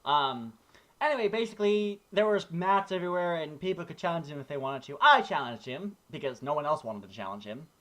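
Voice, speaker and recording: Rambling animated podcast guy. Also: on the high side, brisk. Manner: rambling, animated storytelling with many restarts. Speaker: podcast co-host. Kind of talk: casual chat.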